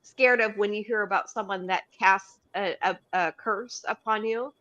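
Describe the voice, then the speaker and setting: A woman's voice: medium pitch, steady tone, normal speed, bright, forceful tone, no echo, dull audio. A woman with the hiccups talking on a casual panel show, laughing often and restarting her sentences.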